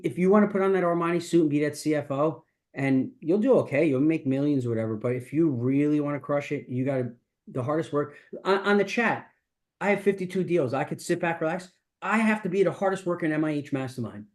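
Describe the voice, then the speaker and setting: This fast-talking middle-aged business coach has a voice on the high side. Running a masterclass, he speaks casually and with emphasis, rambling and starting over many times.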